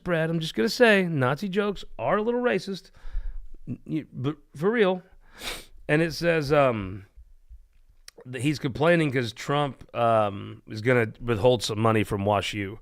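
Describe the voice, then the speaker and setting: An unhurried man with a mid-range voice hosts a political talk show. His joke-telling is casual, rambling and irreverent, and he laughs at his own lines.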